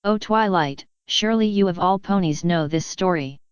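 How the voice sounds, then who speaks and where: A woman's voice: fairly low pitch, normal speed, clear, resonant tone, dry recording, muffled recording, natural voice. A woman voicing an ancient pony princess, a former warrior turned mentor, who speaks in a formal, commanding way. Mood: gentle.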